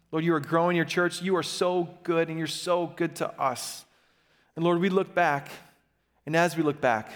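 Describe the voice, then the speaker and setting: Man, pastor, sermon delivery, fairly high voice, lively and engaging, church with long reverb. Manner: animated, calls for audience response. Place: church sanctuary.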